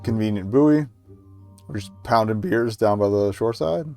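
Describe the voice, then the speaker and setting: A man's voice: normal speed, darkish tone, clean tone, soft background music. A man streaming a point-and-click game, reading its dialogue aloud in a casual, murmured way and swearing now and then. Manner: casual, swears, reads lines in a low murmur.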